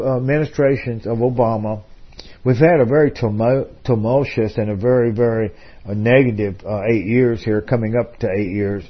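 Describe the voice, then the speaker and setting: A male radio host tells a long, wandering story on his talk radio program, full of fillers and restarts. His voice is medium-pitched, and the sound is lo-fi.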